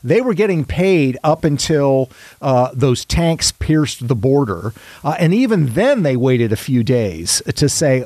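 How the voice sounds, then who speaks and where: A man's voice: mid-range voice, sing-song, unhurried, a little mellow, dry recording. A man giving commentary on a political talk show, hesitant and searching for words. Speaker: guest commentator.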